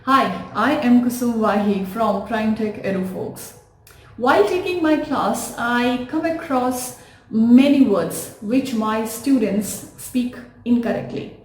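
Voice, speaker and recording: A woman's voice: on the high side, takes it slowly, a little hiss or hum. A woman with an Indian English accent teaching English pronunciation, spelling words letter by letter and repeating them. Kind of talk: slow, deliberate instructional talk to camera. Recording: echoey room.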